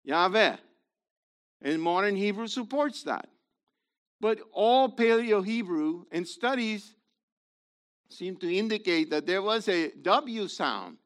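A man teaching an informal Bible study lesson, explaining things in a halting way and often checking in with his listeners. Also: high voice, animated.

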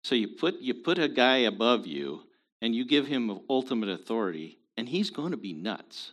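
A man's voice: medium pitch, very animated, moderate pace, a bit bright. A man hosting a show, giving opinionated commentary in an emphatic, preachy way. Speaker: show host.

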